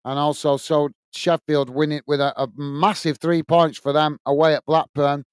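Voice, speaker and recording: A man hosts a live football stream in a chatty, matey way, calling viewers guys and mate. His voice sits a bit higher than most men's and sounds smooth and clear. The sound is close and dry, with no room echo. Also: flat delivery, moderate pace. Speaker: host of a football watch-along stream. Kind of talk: live stream chat, reading viewer comments aloud.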